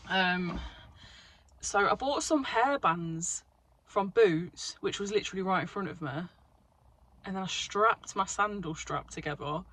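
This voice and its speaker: A young woman talks straight to camera, slightly breathless from walking fast. Her chat rambles and restarts, full of casual swearing and quick self-corrections. Her pitch sits in the middle for a woman. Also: a bit bright. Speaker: vlogger.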